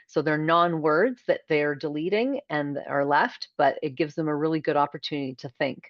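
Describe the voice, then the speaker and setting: Low-pitched female kindergarten teacher giving a parent workshop over a call, demonstrative, dry and slightly muffled. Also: moderate pace, few pauses, no echo. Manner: clear, demonstrative, models speech sounds. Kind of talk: online workshop presentation. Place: video call.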